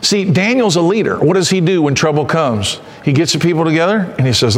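A man's voice: on the high side, expressive, fairly quick, big-room sound. A man preaching a conversational sermon who acts out quotes and asks the congregation questions. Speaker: pastor.

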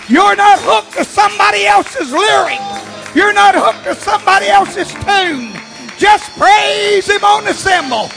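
A man preaching a fervent sermon, swinging from hushed talk to shouting. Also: very high-pitched, creaky. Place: church sanctuary. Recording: long church reverb.

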